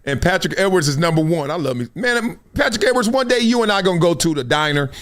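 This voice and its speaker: Hype sports show guy, high lively voice, cracking jokes and laughing. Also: quick pace, soft background music. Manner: animated, joking, slangy, laughs often. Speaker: host. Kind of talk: casual live sports commentary.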